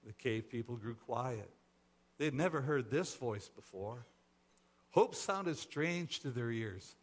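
A man's voice: medium pitch, animated, a little slow. A man preaching a sermon, telling a parable and acting out its voices. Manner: acts out the characters' voices in a parable. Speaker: pastor. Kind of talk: sermon storytelling.

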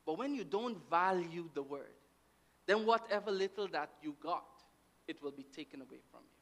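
A man's voice: fairly high pitch, normal speed. A man from Guyana preaching a sermon, often asking "amen?" and "right?" to check in with the congregation. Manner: lively, with call-and-response "amen" and "right" checks.

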